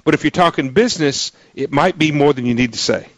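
A man's voice: on the high side, quick pace, no echo. A male radio talk show host interviewing a guest in an emphatic, joking way, with frequent restarts. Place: radio studio.

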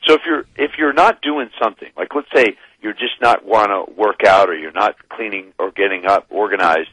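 A man talking as a guest expert in a radio interview, explaining with animated emphasis. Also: on the low side, brisk, no room sound, rough recording.

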